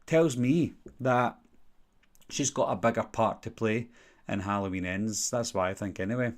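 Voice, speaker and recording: A man's voice: fairly low pitch, moderate pace. A young man with a Glaswegian Scottish accent, hosting a casual live-stream Q&A and rambling through viewer questions with many fillers. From Scotland. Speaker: channel host.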